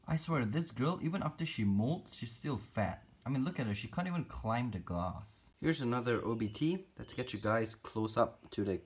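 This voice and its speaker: A man's voice: medium pitch, lively intonation, moderate pace, few pauses, slightly rough. A man narrating a casual pet-keeping vlog, chatty and teasing his spiders as he feeds them. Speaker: reptile and spider keeper vlogger.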